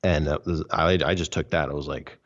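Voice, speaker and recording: A man's voice: extremely low pitch, steady tone, brisk. A man, a podcast guest, recounting his story earnestly and emphatically in a casual interview. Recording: dull lo-fi audio.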